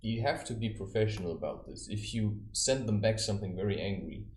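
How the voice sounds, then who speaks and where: A man with a fairly low voice talks through life advice in a loose, wandering monologue. He tells stories and acts out what other people said. The sound is roomy, with a clear echo around him. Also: expressive, a little fast, darkish tone, slight background noise. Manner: rambling, anecdotal, with acted quotes. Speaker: self-styled spiritual adviser. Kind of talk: casual monologue.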